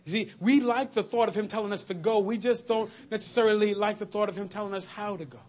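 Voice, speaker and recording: A man preaching a sermon to his congregation, animated, laughing and shouting at times. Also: high-pitched, fast. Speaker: pastor. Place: church sanctuary.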